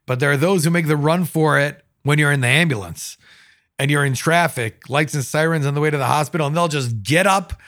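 Animated paramedic man telling stories. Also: a little high, a little fast. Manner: animated storyteller, acts out quotes. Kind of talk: casual anecdote telling.

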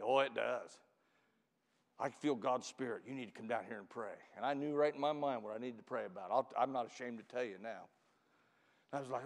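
A man preaching a camp meeting sermon as pastor. He stretches and shouts key lines to the church, then drops into quick, quiet storytelling. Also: mid-range voice, long reverb tail. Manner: preaches with loud drawn-out emphasis, calls out to the church.

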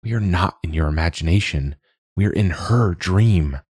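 A man's voice: low-pitched, moderate pace, a little mellow, breathy edge, no room sound, clean studio sound. A man voicing a wary caged finch. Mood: knowing. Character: small caged male finch, wary and cryptic.

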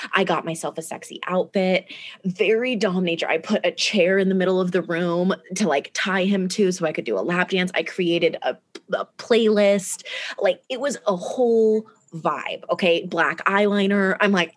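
A woman telling a personal story in casual chat, animated and laughing as she acts out quotes. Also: fairly low pitch, normal speed.

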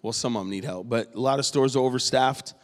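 A man from New England preaching a sermon as the pastor, animated and joking as he tells stories. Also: mid-range voice, fast talker. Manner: animated, jokey storytelling preacher. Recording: long reverb in a large hall.

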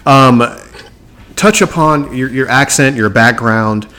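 A male podcast host talks in loose, playful banter and cracks jokes as he goes. His voice sits at an ordinary middle pitch. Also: takes it slowly, pushed and bright. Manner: joking, playful, rambling. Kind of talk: casual podcast chat.

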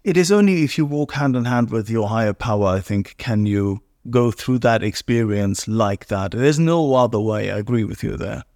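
A man hosting a podcast interview, asking questions and affirming his guest in a measured way. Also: on the low side, a little mellow, no echo, clean studio sound. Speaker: podcast host.

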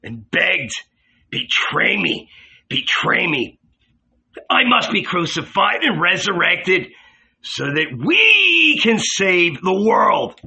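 A man voicing an anguished, furious adult male disciple who shouts and wails his accusations in a storybook reading. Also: high voice, huge pitch swings, takes it slowly, creaky, slightly rough, pitched above the performer's own voice, exaggerated voice.

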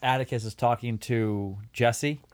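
A man co-hosting a podcast in casual chat, measured and plain, moving the talk along with questions. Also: medium pitch, fairly even intonation, clear, resonant tone. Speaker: podcast co-host.

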